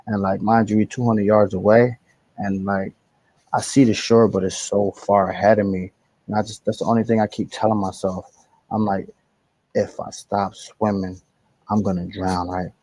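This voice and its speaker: A man's voice: on the low side, poor audio. A young man, casually telling a slangy, rambling story and correcting himself as he goes. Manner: rambling, slangy, animated retelling with self-corrections.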